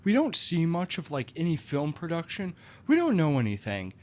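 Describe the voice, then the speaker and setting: A comedic movie reviewer tells a film's plot with sarcastic, animated storytelling and lots of "like" fillers. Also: mid-range voice, moderate pace. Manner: frequent "like" fillers.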